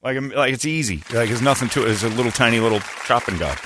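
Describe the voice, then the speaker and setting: A man's voice: mid-range voice, rapid-fire, noisy background. A man hosting a casual morning radio show, telling rambling, self-deprecating stories and mimicking the people in them.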